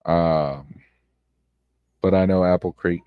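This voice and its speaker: A man with a very deep voice rants about online drama on his stream, swearing freely and circling back over his points. His voice sits close and dry on the mic, with no room around it. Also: steady tone, slow, clean tone, no echo, phone-quality sound. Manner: blunt, swears freely, repeats himself, loud outbursts. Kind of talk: casual profane commentary stream. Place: home streaming setup.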